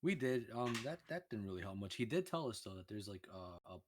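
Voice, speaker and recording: A man's voice: fairly low pitch, sing-song, fairly quick, slight background noise. A man playing a tabletop game, stammering and joking in character. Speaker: player. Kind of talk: casual tabletop play.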